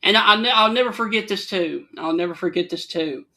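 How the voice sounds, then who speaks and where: Speaking fairly quickly in a high, pushed, bright voice, a Southern-accented man from Alabama tells stories with easy charm as co-host of a casual talk show.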